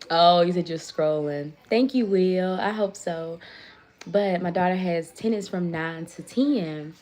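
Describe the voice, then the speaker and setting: A woman, hosting a casual livestream, retelling a story in an animated way and reading viewer comments aloud. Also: lowish voice, measured pace. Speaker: livestream host.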